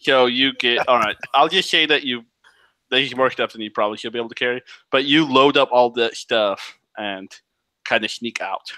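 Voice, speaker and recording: Guy running a tabletop game, bright clear voice, lots of ums and laughs. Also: mid-range voice, moderate pace, no room sound. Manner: casual, laughing often, many fillers. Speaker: game master.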